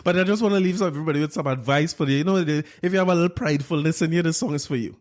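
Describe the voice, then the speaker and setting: A man's voice: a little high, very fast. A man with a Trinidadian accent hosting a casual podcast, telling stories with laughs and talking straight to his listeners. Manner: animated storytelling with frequent laughs; conversational, addresses listeners directly. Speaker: podcast host.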